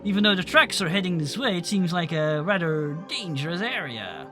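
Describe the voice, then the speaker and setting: A man with a high voice runs a tabletop game, narrating scenes and calling for rolls in an upbeat way. He laughs often. Music plays clearly in the background. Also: big pitch swings, moderate pace, sharp tone. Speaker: game master.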